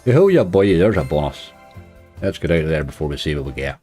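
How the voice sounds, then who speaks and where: Low, mellow-voiced man chatting on stream. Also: very animated, brisk, soft background music. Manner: chatty, reads viewer comments aloud, laughs often. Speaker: slot streamer. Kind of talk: casual live-stream chat.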